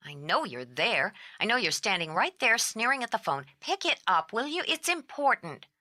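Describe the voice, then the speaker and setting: A woman voicing an exhausted, sharp-tongued woman on the phone who has not slept, talking in a blunt, clipped way. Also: mid-range voice, big pitch swings, moderate pace, no room sound, studio quality, voice pushed up. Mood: exasperated. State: strung out from no sleep.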